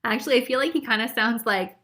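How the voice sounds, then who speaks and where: Bright, blunt, swearing woman psychic. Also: fairly high pitch, fast. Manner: blunt, swearing, laughing, chatty. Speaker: psychic reader. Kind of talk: live group tarot reading.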